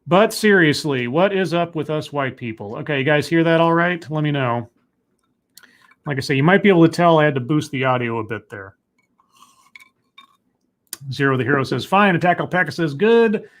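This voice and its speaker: A man hosting a live stream, chatting casually, joking at his own expense and pausing on lots of fillers. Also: on the high side, a bit bright. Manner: chatty, self-deprecating, filler-heavy. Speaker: livestream host.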